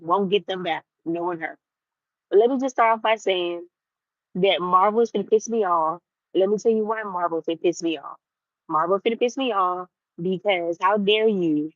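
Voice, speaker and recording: A woman's voice: mid-range voice, dry recording. Young woman vlogger, chatty and worked up, dry slightly muffled sound. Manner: animated, repeats herself for emphasis. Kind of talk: casual ranting chat to viewers.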